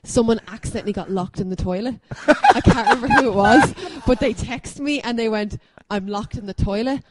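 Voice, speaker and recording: A young woman co-hosting a podcast, telling a story briskly with self-mocking laughs. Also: fairly high pitch, lively intonation, background noise. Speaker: podcast co-host. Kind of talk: casual storytelling chat.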